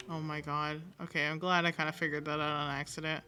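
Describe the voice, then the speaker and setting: Woman game streamer, bright tone, chatty and animated, reads lines aloud, swears casually. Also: low voice, quick pace, hardly any pauses, clear, resonant tone, soft background music. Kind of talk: casual let's-play commentary.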